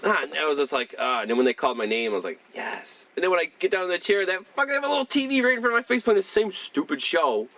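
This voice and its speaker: Animated, profane young man. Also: sits high, rapid-fire, hardly any pauses, recorded from a distance, slight background noise. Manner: rambling, profane, animated storytelling. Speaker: podcast co-host. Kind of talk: casual chat.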